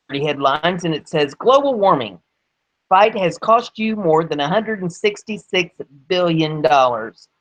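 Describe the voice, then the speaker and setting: A woman's voice: on the low side, muffled recording. Woman hosting opinionated news commentary. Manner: sarcastic, emphatic on key words.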